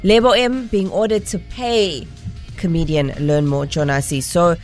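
A woman's voice: on the low side, fairly even intonation, unhurried, a little mellow. Woman, radio co-host, casual news chat, faint music behind. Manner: chatty, relaying news.

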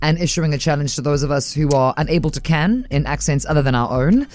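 A woman's voice: low voice, quick pace, a little mellow. A radio co-host chatting casually on air, rambling a little as she talks. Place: radio studio.

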